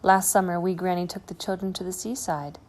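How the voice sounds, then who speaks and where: A woman reading a children's storybook aloud, expressive and slowing for effect. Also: fairly low pitch. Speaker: storybook reader. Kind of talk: children's book read-aloud.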